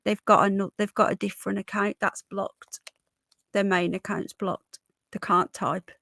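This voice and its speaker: Hoarse, gravelly woman chatting live. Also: medium pitch, level tone, normal speed, a bit bright, no echo. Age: 40s. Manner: chatty, calls viewers love and darling. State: hoarse from illness. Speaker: livestream host. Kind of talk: casual live chat.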